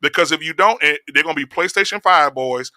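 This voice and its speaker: A man hosting a casual podcast chat, talking in an animated, profane way. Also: fairly high pitch, a little fast, no room sound. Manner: animated, profane, mimics voices. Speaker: podcast host.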